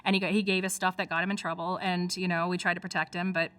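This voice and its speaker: A middle-aged woman with a Michigan accent, an activist telling her story in a casual interview, animated and full of fillers. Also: lowish voice, fast, no room sound. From United States. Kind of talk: casual spoken recollection.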